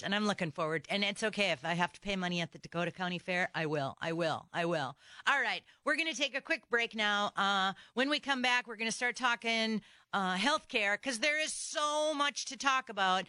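A woman's voice: mid-range voice, dry recording. Woman fired-up radio host. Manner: animated, exasperated, sarcastic rants. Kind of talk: opinionated talk radio chat. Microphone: studio microphone.

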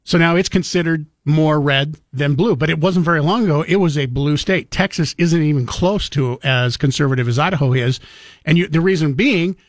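A man's voice: a little high, fairly quick, no room sound, studio quality. A man hosting a talk radio show, chatting about politics in an opinionated, conversational way and taking calls. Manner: conversational, opinionated, chuckles easily.

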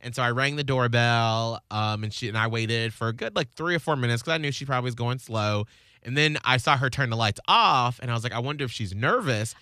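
A man's voice: brisk, sharp tone, no room sound, clean studio sound. A man chatting casually as a co-host, recounting a visit earnestly and voicing the people in it. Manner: earnest storytelling with high-pitched quoted voices. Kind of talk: casual chat.

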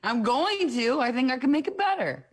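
A woman's voice: high-pitched, very animated, normal speed, breathy edge. A woman co-hosting a radio morning show, playful and laughing through studio banter. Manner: laughing, playful, self-teasing.

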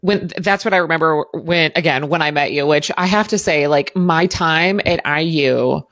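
A woman from Southern Indiana hosting a casual interview with an old college friend, chatty and quick to laugh. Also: deep voice, a bit bright, dry recording.

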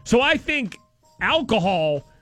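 A man's voice: sits high, sing-song, slow pace, sharp tone, no room sound, soft background music. A man hosting a morning radio show, chatting loosely and jokingly with his co-host. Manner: loose, rambling, jokey. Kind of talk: casual radio banter.

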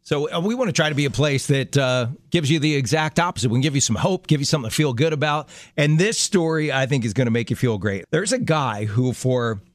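A man's voice: medium pitch, brisk, hardly any pauses, dry recording. Middle-aged male co-host, chatty storyteller, mid-range voice, dead-dry studio sound. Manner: chatty storyteller, light laughs, frequent restarts. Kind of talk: casual chat.

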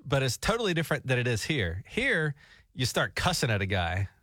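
A man's voice: mid-range voice, sing-song, fairly quick, fairly bright tone, dry recording, studio quality. A man on a talk show, telling a rambling, jokey travel story with laughs. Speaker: radio show co-host. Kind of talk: casual storytelling chat.

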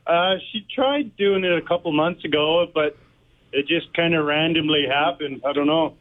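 A man's voice: fairly high pitch, normal speed. Hesitant male caller on a muffled line. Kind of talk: radio call-in.

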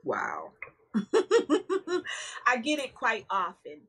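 A woman's voice: mid-range voice, huge pitch swings, slow, bright, forceful tone, husky, low-quality recording. A woman guest on an interview podcast, speaking candidly and emphatically about her life, with frequent laughter. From northern United States. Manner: emphatic, outspoken, laughs often.

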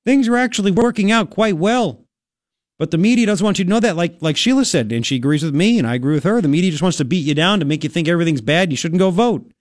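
A man hosting a talk radio show in a studio, excitable and rambling, with lots of exclamations. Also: high voice, quick pace, dry recording. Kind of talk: animated talk radio banter.

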